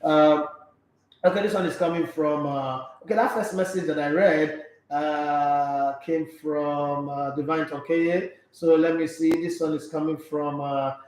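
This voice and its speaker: Brief: Nigerian male sports host, high voice, playful and talkative, echoey room. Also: steady tone, a little slow, a little mellow. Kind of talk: casual live-stream chat reading viewer comments.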